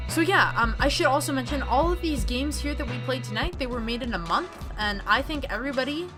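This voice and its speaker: A woman's voice: fairly high pitch, lively intonation, brisk, hardly any pauses. A woman hosting a casual game-playing show, chatty, with a few hesitant fillers, and music playing underneath. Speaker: host. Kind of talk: casual let's-play commentary.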